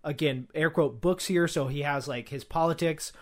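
A man's voice: a little high, normal speed. A young man co-hosting a casual podcast, reading from his notes with frequent fillers and restarts. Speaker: podcast co-host.

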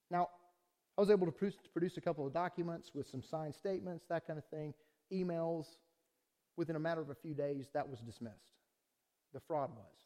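Fervent pastor preaching to his church. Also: on the high side. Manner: conversational preaching, swings from quiet to shouting. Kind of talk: sermon with personal testimony.

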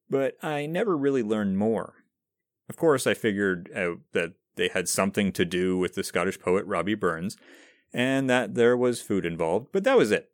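A man's voice: fairly low pitch, no room sound, clean studio sound. A man hosting a podcast, reading a scripted explainer in a conversational, self-deprecating way. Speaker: podcast host.

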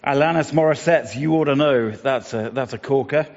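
A man's voice: mid-range voice, moderate pace, gravelly, darkish tone. A middle-aged man giving a reflective morning devotion, in a conversational, musing way with many fillers and restarts. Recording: dull lo-fi sound, long reverb.

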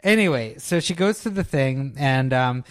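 A young man casually recapping a film on a podcast, rambling and halting with many restarts and fillers, joking at his own expense. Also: mid-range voice, lively intonation. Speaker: podcast co-host reviewing films. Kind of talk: casual chat.

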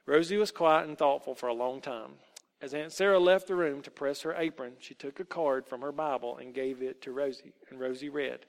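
A man reading a children's story aloud over slides in a steady storybook manner. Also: mid-range voice, moderate pace. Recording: long hall reverb.

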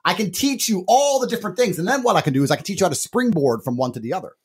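A male podcast co-host talks in a brash, bragging way, cursing and hyping himself up. His voice sits a touch high and is husky, with wide, lively swings in pitch. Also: rapid-fire. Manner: brash, bragging, swearing, hyped. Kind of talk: casual boastful podcast banter.

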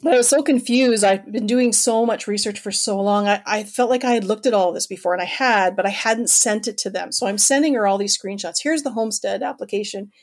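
A woman's voice: mid-range voice, fairly quick, hardly any pauses. A middle-aged woman from Canada, a guest telling a personal story in conversation, earnest and emotional, rambling with many fillers. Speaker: guest telling her adoption search story.

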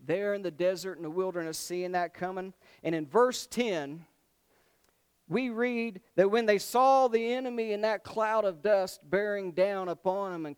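A man's voice: sits high, smooth. A male preacher, giving a conversational sermon and asking the congregation questions.

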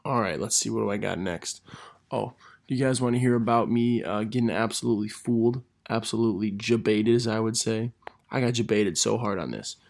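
Gravelly young man telling stories. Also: lowish voice. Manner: laughs through his stories, animated, quick self-corrections. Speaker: gym teacher. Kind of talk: casual storytelling monologue.

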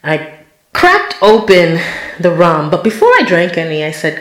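A woman telling a personal story, expressive and acting out her own quoted words with sudden jumps in pitch and loudness. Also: unhurried. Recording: roomy echo.

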